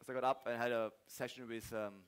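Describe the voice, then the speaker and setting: A man's voice: mid-range voice, little pitch movement, quick pace, clear, resonant tone. A man with a German accent, a fitness trainer giving a casual, jokey talk to a live audience. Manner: chatty, jokey, laughs often.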